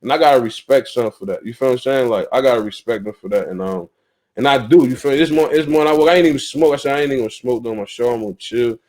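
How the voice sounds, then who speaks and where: A man's voice: medium pitch, quick pace, a little mellow. A young man from North Carolina with a Southern accent, hosting a talk show in a blunt, profane way with many restarts. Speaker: podcast host. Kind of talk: casual talk-show monologue.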